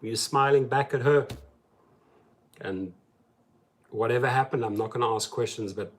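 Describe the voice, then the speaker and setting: A man hosting a casual livestream chat from his parked car, talking emphatically and then dropping to a soft, subdued tone. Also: medium pitch, moderate pace, long pauses. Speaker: rideshare driver and channel host.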